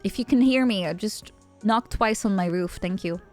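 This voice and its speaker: A young woman from the Netherlands, chatting playfully with her stream chat and often jumping into high squeals. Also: normal speed, soft background music. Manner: playful, animated, jumps to squeals. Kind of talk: casual chat with chat.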